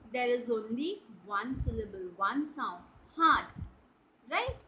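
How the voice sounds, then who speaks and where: Slow, bright-voiced woman teaching grammar. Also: on the high side, a little hiss or hum, poor audio. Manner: slow, explaining and checking with "right?" and "clear?". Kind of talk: online English grammar lesson for children.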